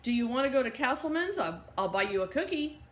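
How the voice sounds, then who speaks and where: A woman's voice: high-pitched, sing-song, quick pace. A woman voicing Isa, an earnest, polite older-sister girl who keeps pressing her questions. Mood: gentle. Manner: polite, insistent. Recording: roomy echo.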